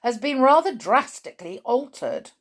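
A woman voicing a firm, patient grandmother in her old age who speaks in a calm, measured way in a storybook reading. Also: sits high, pitched above the performer's own voice.

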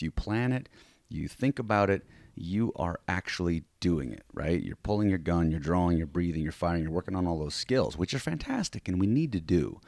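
A man with a very deep voice that rises and falls a lot chats on a podcast. He speaks in bursts, stopping to restart and adding "right?" to his points. The recording is dry and close. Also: no room sound. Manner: animated, many restarts and tag questions. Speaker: podcast co-host; self-defense instructor. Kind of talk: casual chat.

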